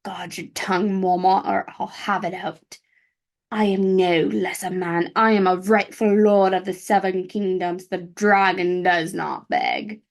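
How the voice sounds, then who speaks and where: A woman's voice: medium pitch, fairly even intonation, measured pace, hardly any pauses, warm tone, natural voice. A woman voicing a proud, impatient young exiled prince in a read-aloud story, with haughty, angry outbursts. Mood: seething.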